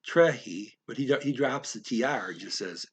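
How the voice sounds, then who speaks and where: A man slowly explaining a story word by word as a language teacher, thinking aloud with many pauses. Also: mid-range voice, lively intonation, breathy edge. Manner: slow, thinking aloud, frequent fillers.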